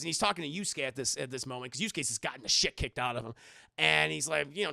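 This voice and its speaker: A man recapping an anime episode for his live chat, excited and swearing freely. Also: a little high, fast talker, vocal fry. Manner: profane, excited, addresses the chat. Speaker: anime reviewer.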